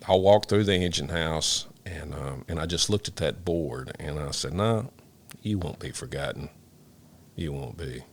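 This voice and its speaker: This is an older man, a retired firefighter looking back in a sit-down interview. His voice sits very low with a rough, gravelly edge. He talks in halting bursts, repeating and restarting words as emotion breaks through. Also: fairly bright tone. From Memphis, Tennessee, US. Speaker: retired fire lieutenant.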